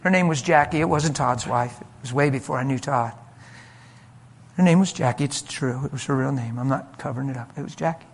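A man preaching a sermon and telling a story from his ministry, animated and emphatic, moving between loud and soft delivery. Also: mid-range voice, brisk, husky. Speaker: pastor.

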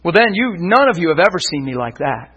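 A man preaching, telling his own story as a sermon testimony, animated and often laughing. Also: on the high side, fast, breathy edge, poor audio.

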